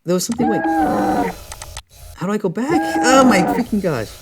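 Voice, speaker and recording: A man's voice: high voice, brisk, very noisy. A man playing a horror game, reading its text aloud dramatically and breaking off with startled exclamations, recorded in a garage. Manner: excitable, frequent startled exclamations; reads narration dramatically. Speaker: gaming video host. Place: garage at night. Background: loud game music.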